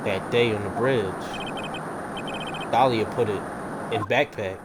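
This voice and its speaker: A man's voice: on the low side, takes it slowly, very noisy. Man reading as a brooding convict in broken English.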